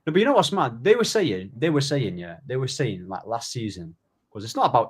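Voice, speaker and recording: A man debating football on a casual panel, excitable and animated, laughing often. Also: medium pitch, a little fast, breathy edge.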